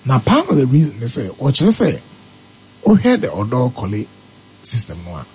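A man's voice: medium pitch, wildly swooping pitch, a little slow, mellow, slight background noise, poor audio. A man with a Ghanaian accent, explaining step by step as a talk-radio commentator and mixing English terms into his speech. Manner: mixes local language with English, explaining step by step.

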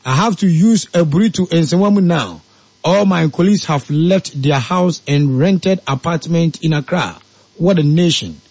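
A man hosting a radio talk show, moving between solemn announcements, lively banter and ad reads. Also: fairly high pitch, moderate pace, no echo. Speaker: radio host.

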